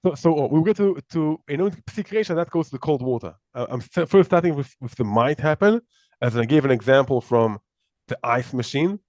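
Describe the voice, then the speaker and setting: A man's voice: fairly high pitch, expressive, fairly quick, a little mellow, no room sound, muffled recording. A man teaching a live class, explaining step by step, often repeating words and restarting sentences. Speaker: Torah teacher.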